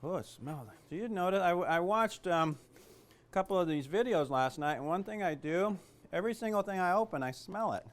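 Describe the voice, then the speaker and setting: A man's voice: high voice, animated, fairly quick. A man teaching a cooking class in a kitchen, chatty and joking, with lots of fillers. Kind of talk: casual cooking demonstration.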